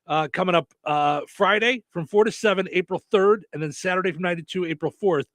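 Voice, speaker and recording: A man's voice: high voice, a little fast, fairly bright tone, no room sound. A man hosting a radio show, reading news headlines and tagging each with a wisecracking joke. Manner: wisecracking, jokey punchlines after headlines. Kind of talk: comedic news-headline banter.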